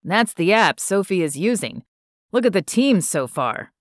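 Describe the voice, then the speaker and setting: A woman's voice: on the low side, sing-song, a little slow, dry recording, studio quality. A woman voicing a young man who works at a bar, matter-of-fact and explaining things, in an audiobook.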